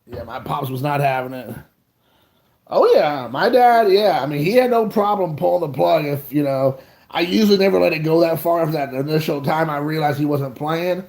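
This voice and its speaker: A man's voice: fairly high pitch, expressive, normal speed, gravelly, darkish tone. A man in his thirties, co-hosting a podcast, telling a rambling, self-mocking childhood story in casual chat.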